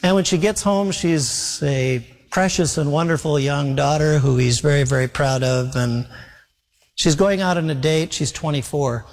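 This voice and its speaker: A man's voice: fairly high pitch, moderate pace. Man, pastor, sermon, earnest exhorting delivery, acts out story dialogue, long hall reverb.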